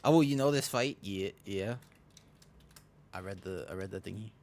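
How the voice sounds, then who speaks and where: Streaming a game, this man speaks at a moderate pace in a lowish, darkish voice, with slight hiss or hum in the audio. He rambles casually, teases himself and often laughs and restarts.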